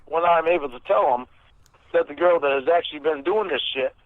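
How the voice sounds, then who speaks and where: A man's voice: on the high side, fairly quick, dry recording. A man hosting a call-in show, combative and accusing as he argues with a caller. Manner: combative, accusing, repeats threats. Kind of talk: heated phone argument. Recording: phone-like narrow line, dry.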